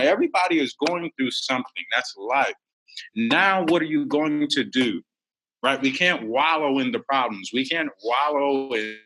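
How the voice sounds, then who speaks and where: A man guest on a podcast, an author telling stories in an animated way and acting out quotes with big jumps in pitch. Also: a little hiss or hum, low-quality recording. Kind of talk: animated storytelling.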